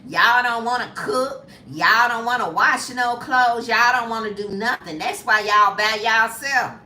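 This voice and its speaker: A woman's voice: a little high, measured pace, pushed and bright, echoey room, far from the mic. Woman mimicking a bitter scolding man. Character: bitter middle-aged man scolding single women.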